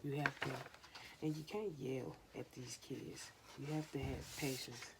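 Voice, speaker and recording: Very low-voiced woman giving parenting advice. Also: fairly even intonation, unhurried, very noisy. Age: 20s. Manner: earnest, repetitive, coaching other parents. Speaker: parenting vlogger. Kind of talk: casual how-to talk to camera.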